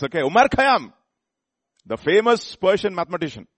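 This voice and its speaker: A man's voice: a little high, big pitch swings, a little fast, fairly bright tone, no echo. A man preaching a sermon in a conversational way, often asking the congregation questions and restarting his sentences.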